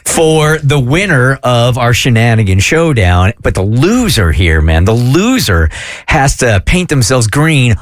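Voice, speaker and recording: A man's voice: mid-range voice, no echo. A man hosting a morning radio show, chatting and laughing with his co-hosts in a studio. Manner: lively, laughing, quick asides.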